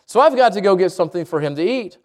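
A man's voice: sits high, expressive, fast, darkish tone. A man voicing a mother bird about to leave her nest, close to his own voice. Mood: busy.

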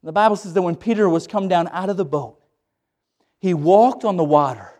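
A man's voice: high voice, normal speed, a little mellow. A man preaching a sermon in a folksy, dramatic way, acting out the scenes he tells.

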